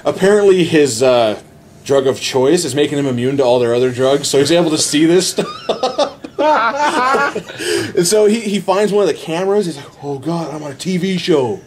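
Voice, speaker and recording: A man in casual podcast chat, retelling a movie plot excitedly with many restarts. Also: a little high, moderate pace. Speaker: podcast host.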